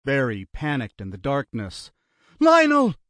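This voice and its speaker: A man narrating a thriller audiobook in a steady, even voice on a close studio mic. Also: mid-range voice, measured pace, no echo.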